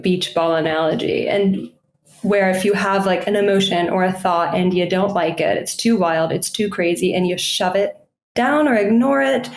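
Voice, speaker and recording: A woman's voice: medium pitch, slight background noise. An American woman with a mid-range voice appears as a podcast guest and teacher of yoga and meditation. She talks eagerly and chattily, sprinkling in "like". Her voice carries a roomy echo. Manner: chatty and eager, many "like" fillers. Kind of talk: casual podcast interview. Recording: roomy, echoey room sound.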